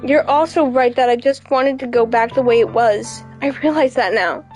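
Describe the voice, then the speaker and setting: A woman's voice: a little high, normal speed, a little mellow, soft background music, low-quality recording. A young woman reading a visual novel aloud over an online call, dramatic and given to repeating herself when upset. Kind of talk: emotional game read-aloud.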